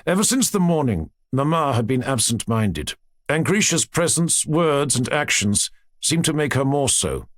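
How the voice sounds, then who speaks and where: A man narrating an audiobook in an expressive storytelling manner. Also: medium pitch, a little slow, no room sound, clean studio sound.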